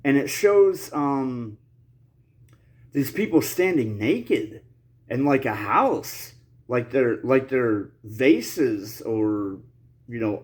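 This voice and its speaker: Coughing man rambling with nervous laughs. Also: medium pitch. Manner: rambling, laughs nervously through serious talk, slangy. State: coughing, recovering from an illness. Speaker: channel host. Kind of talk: casual monologue to camera.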